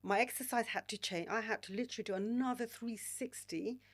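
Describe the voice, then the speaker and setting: A woman in her forties, a podcast guest telling candid stories in an animated, frank way and swearing freely. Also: fairly high pitch, a little fast. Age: 40s. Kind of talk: candid storytelling conversation.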